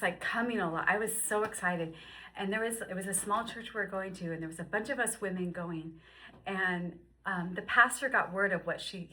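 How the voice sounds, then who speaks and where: A woman in her fifties telling her personal faith story, moving between hushed, whispered passages and excited, high-pitched bursts. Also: a little hiss or hum, low-quality recording. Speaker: guest sharing testimony. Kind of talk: emotional personal testimony.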